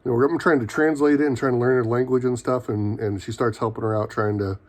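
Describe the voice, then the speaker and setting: A man's voice: mid-range voice, fairly even intonation, quick pace. A man giving a casual, rambling recap of a TV episode, full of fillers and quoted lines. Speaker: TV show reviewer.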